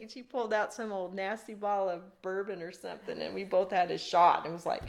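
A woman's voice: medium pitch, normal speed, vocal fry. Chatty woman telling an old story. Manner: chatty, rambling, laughs often. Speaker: interviewee. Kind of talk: casual storytelling.

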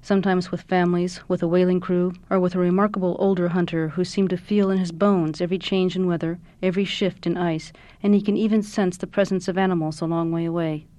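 Woman, radio host, scripted presenting, low pitch, dark mellow tone. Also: flat delivery, fast talker, hardly any pauses, dry recording.

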